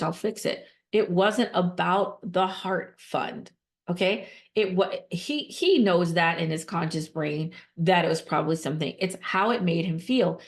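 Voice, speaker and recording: A woman with a fairly low voice offers conversational podcast advice as a nonprofit fundraising consultant. She is emphatic and repetitive, restarting quickly and posing rhetorical questions.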